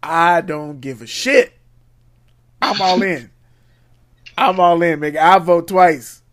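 A man co-hosting a podcast, chatting casually and profanely, often jumping into high mimicking voices. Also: takes it slowly, fairly bright tone. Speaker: podcast co-host. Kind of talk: casual chat.

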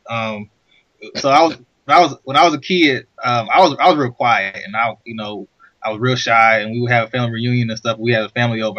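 A man, a podcast co-host, telling a childhood story in casual chat, animated and acting out loud outbursts. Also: mid-range voice, no echo. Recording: dull lo-fi sound.

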